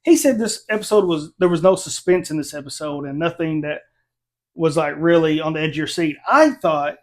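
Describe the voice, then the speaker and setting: A middle-aged man hosts a relaxed review chat with a friend. His voice sits a little high, and he is animated and quick to laugh as he recounts scenes. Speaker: reviewer, channel host. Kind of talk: casual chat.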